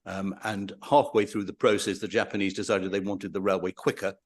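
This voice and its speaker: A man's voice: low voice, little pitch movement, a little fast, slightly rough. Man giving a hesitant lecture. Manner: hesitant with fillers, reads quotes more dramatically. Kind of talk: public lecture with read-aloud testimony. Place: lecture hall.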